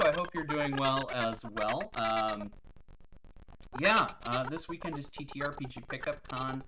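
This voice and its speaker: A woman's voice: rumbling low, unhurried, noisy background. A woman hosting a live stream, chatting casually and telling corny jokes in a self-mocking way.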